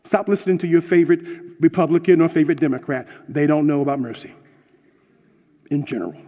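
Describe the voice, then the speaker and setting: A man preaching a passionate sermon, swinging from hushed words to shouting, and ending in prayer. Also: on the high side, fairly even intonation, fast talker. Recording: long hall reverb.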